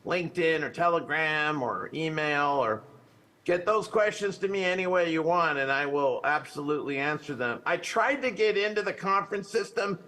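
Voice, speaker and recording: A man's voice: on the high side, expressive, moderate pace, bright, forceful tone. An older man answering conference questions in an authoritative way, letting his voice drop at the end of sentences. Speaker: conference speaker. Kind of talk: Q&A answers at a talk.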